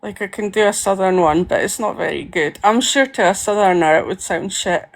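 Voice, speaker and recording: A woman with an East Coast Scottish accent in casual chat, talking loosely with a lot of "like" and quick laughs. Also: mid-range voice. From Scotland. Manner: chatty, fillers of "like", laughs easily.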